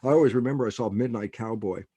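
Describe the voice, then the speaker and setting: A man's voice: medium pitch, quick pace, warm tone, breathy edge, no room sound. An older man, a guest biologist on a podcast interview, telling stories with animation and acting out quoted dialogue. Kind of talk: interview conversation.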